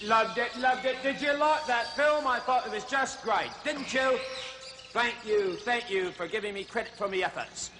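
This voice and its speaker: Bwana Clyde Batty, a very high jungle explorer. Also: male voice, moderate pace, music in the background. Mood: cheery. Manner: hearty, exclaiming showman patter. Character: jolly male jungle explorer zoo host. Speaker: show host character. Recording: hissy old TV recording.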